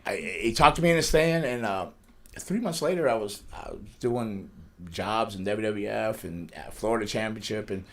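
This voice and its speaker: This wrestler guest, a middle-aged man, has a lowish, expressive voice with a bit of brightness and a moderate pace. He shares meandering life stories in a casual studio interview, laughing throughout.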